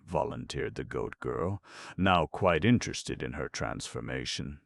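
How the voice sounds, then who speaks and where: Very deep gravelly male narrator. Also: a little slow, no echo, studio quality. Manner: steady storytelling. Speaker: audiobook narrator. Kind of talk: scripted narration.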